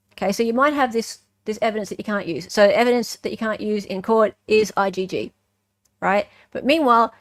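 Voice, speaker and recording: An Australian woman hosting casual true-crime commentary, animated and sarcastic, who keeps tossing in "right?" as she talks. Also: medium pitch, no room sound, clean studio sound.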